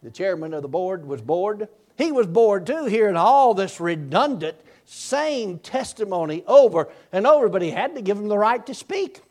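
A man preaching a sermon by telling a personal story in a folksy, repetitive way, chuckling as he goes. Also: high voice.

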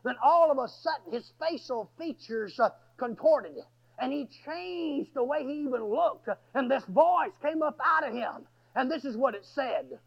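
A high-pitched man preaches in a folksy, storytelling way and breaks into shouts when things heat up. His voice carries gravelly fry, and the recording is dull and lo-fi. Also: unhurried. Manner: folksy, animated, bursts into shouting. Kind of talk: storytelling sermon.

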